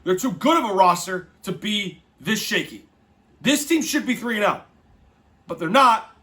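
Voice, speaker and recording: A man's voice: high voice, lively intonation, moderate pace, pushed and bright. A young man hosting a casual football podcast, ranting in an exasperated, profane, emphatic way. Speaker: podcast host. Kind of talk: casual sports podcast rant.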